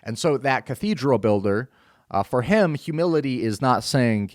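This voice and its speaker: A man's voice: mid-range voice, expressive, moderate pace, no echo, studio quality. A young man hosting his own show, giving an earnest, explanatory religious talk with frequent fillers and restarts. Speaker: show host.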